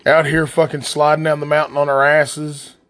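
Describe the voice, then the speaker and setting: Over faint background music, a man from southern West Virginia's coal fields hosts a solo podcast rant that's blunt, angry, and full of profanity. He has an Appalachian accent and a fairly high, fairly bright voice, level in tone at normal speed.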